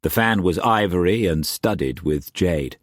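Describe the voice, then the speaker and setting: A man reading a historical novel aloud as narrator, measured and dramatic. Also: low voice, lively intonation, no echo, studio quality. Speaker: audiobook narrator.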